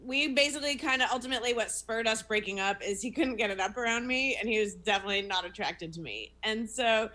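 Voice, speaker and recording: A woman's voice: a little high, fast talker, sharp tone. A young woman comedian, a guest on a video call, telling a personal story frankly with self-mocking asides. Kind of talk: candid interview storytelling.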